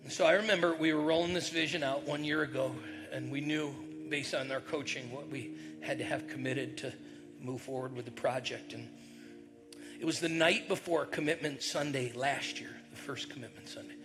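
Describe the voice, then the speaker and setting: A middle-aged man preaching a conversational sermon, telling a personal story and acting out the voices in it, with loud bursts now and then. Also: mid-range voice, fairly even intonation, moderate pace, over music. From northern New York. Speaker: pastor.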